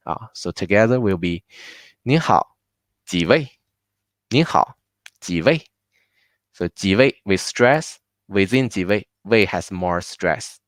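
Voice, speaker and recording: A man leads a live online language lesson at an unhurried pace. His voice is smooth and a little low, and he patiently repeats each word for his learners. The sound is dry and close to the mic. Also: no room sound. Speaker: language teacher.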